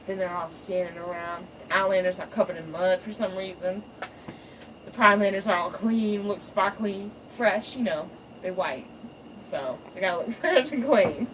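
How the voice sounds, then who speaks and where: A woman retelling an animated film in an irreverent, profane, chatty comedic style. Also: medium pitch, moderate pace. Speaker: storyteller. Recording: distant mic, noisy ambience.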